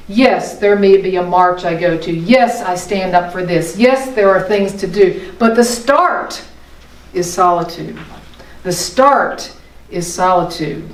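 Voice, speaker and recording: A middle-aged woman giving an earnest, emotional sermon as a minister, her voice swinging between soft and passionate. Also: mid-range voice. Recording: echoey room, voice from far off.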